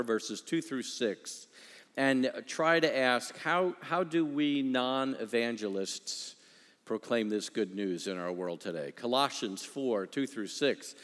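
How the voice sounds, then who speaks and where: A man's voice: mid-range voice, fairly bright tone. A man delivers a sermon with a mid-range voice, telling a story through frequent restarts and dry, self-deprecating asides. His voice rings out with a long reverb, as in a church hall. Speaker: preacher.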